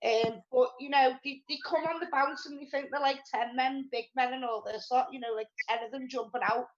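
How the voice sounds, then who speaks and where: A woman co-hosting a live online chat show, talking in a chatty, rambling, excitable way. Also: high voice, fairly quick. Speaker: show co-host. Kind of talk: casual live-stream chat. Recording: dull lo-fi stream audio.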